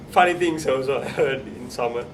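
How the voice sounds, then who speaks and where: A man's voice: medium pitch, moderate pace. Hesitant man, distant and noisy. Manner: hesitant, many uhs, laughs often. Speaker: interviewee, international worker. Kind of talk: casual interview answers.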